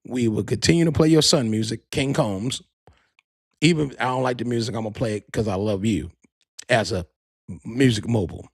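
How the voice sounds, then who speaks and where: A man's voice: medium pitch, moderate pace, vocal fry, husky, no room sound, clean studio sound. A man hosting a podcast, telling stories in a loose, comic way, swearing and laughing at his own tales. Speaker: podcast host.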